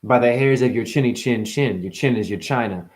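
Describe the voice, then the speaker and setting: A man delivering a rambling spiritual monologue, full of swearing, wordplay and sudden swings from muttering to shouting. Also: brisk. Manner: profane, wordplay-driven, jumps between wild pitch swings and mutters. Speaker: spiritual speaker.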